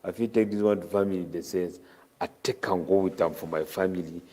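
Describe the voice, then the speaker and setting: Here the preacher's voice sits low, with a steady, somewhat dark tone. He explains a Ramadan tafseer in Cameroonian Pidgin English, quickly chanting Arabic verses in between.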